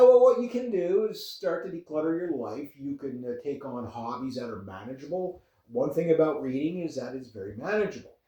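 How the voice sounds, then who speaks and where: A man's voice: a little high, mellow. A Canadian man in his fifties with a laid-back, rambling way of talking, chuckling often as he chats casually to camera. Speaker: vlogger. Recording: echoey room, far from the mic.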